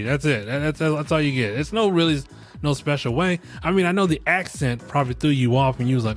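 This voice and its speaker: A man's voice: a little high, brisk, faint music behind. A middle-aged man hosting a podcast, giving frank, rambling, jokey advice in a casual monologue.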